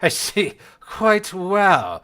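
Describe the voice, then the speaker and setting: A man's voice: high voice, wildly swooping pitch, drawn-out words, pushed and bright, pitched above the performer's own voice, heavily acted. A man voicing a stern, condescending male battle master who heads a family's private guard in a tabletop game. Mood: haughty. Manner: haughty, scolding.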